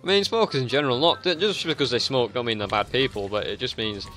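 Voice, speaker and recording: A drunk young man giving rambling, profane commentary as he plays a video game, now and then breaking into sudden yells. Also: mid-range voice, fast, faint music behind. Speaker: gaming channel host.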